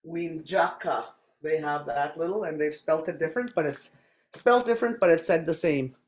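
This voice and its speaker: A language teacher from Saskatchewan, Canada, giving a spoken lesson and repeating each word slowly and deliberately. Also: mid-range voice, reverberant.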